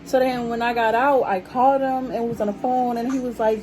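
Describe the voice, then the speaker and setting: With a fairly high voice, a young adult vlogger talks briskly and barely pauses as she tells her viewers, whom she calls y'all, a casual story about her life. Background noise is audible.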